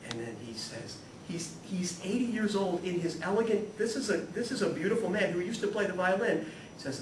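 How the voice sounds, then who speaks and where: A man giving a humorous, animated spiritual talk to a live audience, acting out the people in his stories and swinging from hushed to loud. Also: sits high, moderate pace. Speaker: guest speaker at a spirituality talk series. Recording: echoey room, voice from far off, audible noise.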